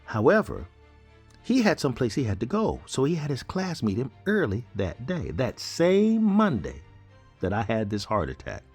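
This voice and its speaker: A man casually telling his own story to his audience in an animated, joking, conversational way. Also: medium pitch, moderate pace, breathy edge, soft background music.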